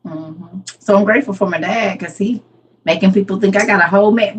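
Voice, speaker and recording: A woman's voice: medium pitch, a little fast, a little hiss or hum. A middle-aged woman, chatting casually on a livestream and answering viewers' comments by name, laughing often. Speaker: livestream host.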